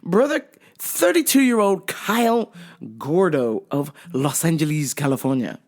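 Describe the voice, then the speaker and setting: A woman telling a story in a casual vlog, animated and profane, often laughing. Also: on the low side, normal speed. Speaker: vlogger.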